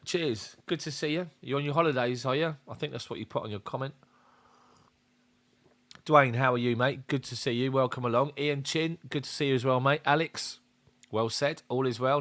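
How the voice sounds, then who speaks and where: A man's voice: mid-range voice, a bit bright, dry recording. A man hosting a casual football fan live stream, talking bluntly and greeting viewers by name. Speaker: football fan channel host.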